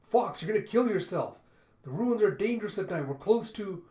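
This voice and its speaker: A man voicing a hot-tempered young woman warrior who shouts her lines, with roomy echo. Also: high voice, expressive, moderate pace, voice pushed up. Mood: alarmed. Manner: loud, shouting.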